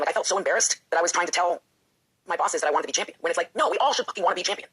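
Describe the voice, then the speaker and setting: A woman speaks at a rapid clip, her voice husky and breathy throughout. She is a professional wrestler opening up in an interview, candid and emotional. She often slips into acting out the doubting voice in her own head. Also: low-pitched, a bit bright. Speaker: professional wrestler and author, guest.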